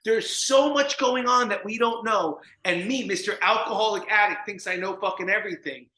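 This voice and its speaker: Guy from jersey telling a story on a video call, bright and a bit high, room echo. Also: normal speed. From New Jersey. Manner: animated, acts out the people in his stories. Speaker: guest, recovery mentor. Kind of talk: storytelling in an interview. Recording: echoey room.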